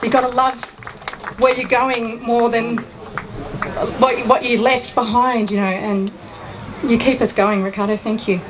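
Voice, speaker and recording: A woman takes her turn at a live Q&A, her voice sitting high as she searches for words and restarts. The recording is noisy, with clear background noise from the event. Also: little pitch movement. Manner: halting, heartfelt, restarts often. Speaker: audience member. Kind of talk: Q&A comment from the audience. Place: outdoor event on a hot day.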